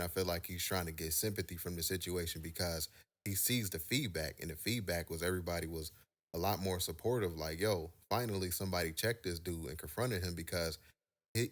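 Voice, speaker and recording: A man's voice: sits low, fairly bright tone. A man giving casual opinion commentary as a YouTube commentator, opinionated, slangy and conversational.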